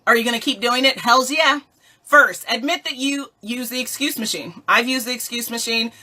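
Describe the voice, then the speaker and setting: A woman coaching listeners in a motivational talk, playful and animated, often asking rhetorical questions and laughing. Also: on the high side, normal speed. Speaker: life coach.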